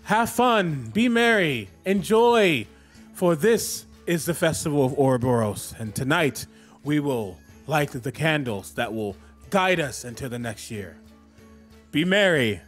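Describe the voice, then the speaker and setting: A man's voice: fairly high pitch, expressive, unhurried, soft background music. A man voicing a gracious male festival official who speaks in formal, ceremonial phrases. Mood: proclaiming.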